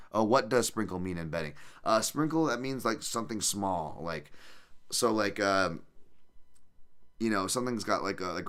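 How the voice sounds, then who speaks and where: Deep smooth voiced guy hosting a podcast, rambly and loose, tons of likes and ums. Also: fairly bright tone. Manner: rambling and loose, with many fillers and restarts. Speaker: podcast host. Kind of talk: casual chat answering live chat questions.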